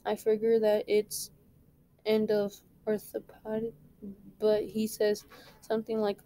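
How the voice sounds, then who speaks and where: A woman, a reading teacher, reading a novel aloud in a plain, unhurried way with small slips. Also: mid-range voice, completely flat delivery, warm tone, poor audio.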